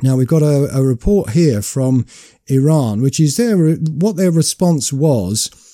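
A British man hosting a live online radio talk show, speaking in a measured, rambling way with many repeated words. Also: on the high side, expressive, warm tone, dry recording, clean studio sound.

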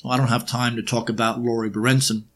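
A man giving a lecture-style monologue, often pausing on fillers and throwing in sarcastic rhetorical questions. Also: medium pitch, level tone, fairly bright tone. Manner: frequent filler hesitations.

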